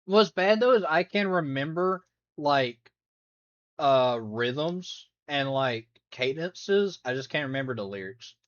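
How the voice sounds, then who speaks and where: A man's voice: on the high side, expressive, slow, a bit bright, muffled recording. A man chatting casually on a live stream while reacting to videos, rambling, laughing and humming along.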